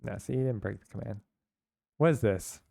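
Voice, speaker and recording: A man's voice: lowish voice, moderate pace, creaky, dark tone, no echo, studio quality. A young man from San Francisco chatting casually with his chat while streaming a game, rambling and laughing along.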